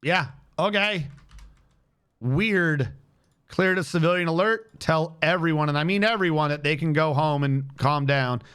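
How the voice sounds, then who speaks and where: A man streaming a game with casual commentary, animated and exasperated, swearing freely and talking to chat. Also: a little high, unhurried, smooth.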